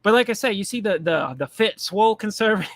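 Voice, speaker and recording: Profane, mocking man with a high voice. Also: expressive, quick pace, fairly bright tone, no room sound. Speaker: commentary streamer. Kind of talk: casual political rant.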